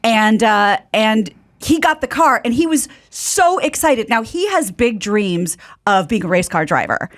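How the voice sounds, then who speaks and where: Playful woman with a higher voice. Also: very animated. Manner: playful storytelling, quick interjections. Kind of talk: casual comedy chat.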